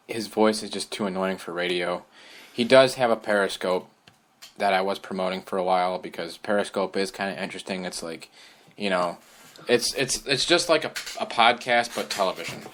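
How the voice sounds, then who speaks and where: A man's voice: sits low, moderate pace, fairly bright tone. A man hosting a casual podcast, blunt and laughing often, who swears freely. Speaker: podcast host.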